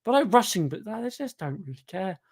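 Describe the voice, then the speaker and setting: A man's voice: sits high, sing-song, brisk, darkish tone. A young man hosting a live football watchalong, sarcastic and exasperated, doing mock commentary. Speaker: fan channel host.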